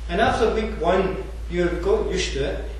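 A man with a Scottish accent preaching a sermon, conversational and digressive, often pausing with fillers and restarting his sentences. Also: sits high, a little hiss or hum. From Scotland. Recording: echoey room from far off, faint ambience.

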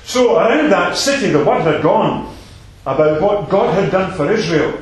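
A man's voice: high-pitched, expressive, normal speed. Emphatic male preacher in echoey hall. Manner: emphatic, repeats phrases, swings between loud and soft. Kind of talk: sermon.

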